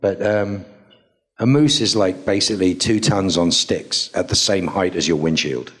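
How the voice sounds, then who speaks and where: A middle-aged man on a convention panel, telling anecdotes to a live audience in a playful, animated way. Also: normal speed. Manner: animated, playful, acts out quotes with big pitch jumps.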